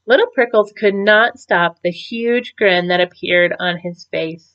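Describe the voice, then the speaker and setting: A woman teacher reading a storybook aloud to children in an expressive, gentle voice. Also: lowish voice, measured pace. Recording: dull lo-fi recording.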